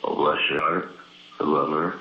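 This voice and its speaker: A sleepy man on a casual phone call, slurring his words with long pauses. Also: extremely low pitch, steady tone, echoey room, a little hiss or hum.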